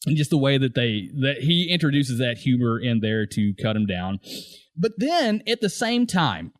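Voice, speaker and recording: A man's voice: mid-range voice, very animated, moderate pace, no room sound, studio quality. A man co-hosting a casual podcast, laughing often as he retells favorite scenes and acts out quoted lines. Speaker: podcast co-host. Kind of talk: casual podcast chat about a TV show.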